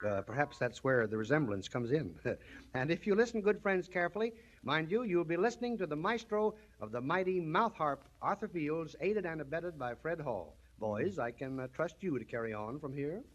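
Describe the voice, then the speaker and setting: Jaunty high-voiced man on an old radio show. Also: animated. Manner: jaunty, jokey, quick asides. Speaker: radio show host and singer. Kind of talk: 1930s radio variety patter. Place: radio studio. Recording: dull 1930s transcription disc with orchestra.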